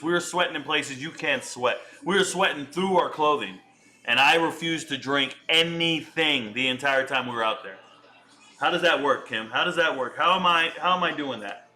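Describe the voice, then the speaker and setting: A man's voice: a little high, sharp tone. A man hosting a casual livestream chat, joking and boasting in slangy talk. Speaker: livestream host.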